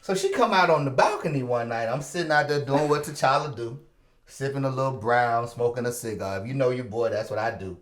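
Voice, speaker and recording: A man hosting a podcast, telling a story with lively energy, acting out the dialogue and laughing often. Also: mid-range voice, a little fast. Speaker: podcast host. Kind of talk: animated storytelling chat. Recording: roomy echoey room.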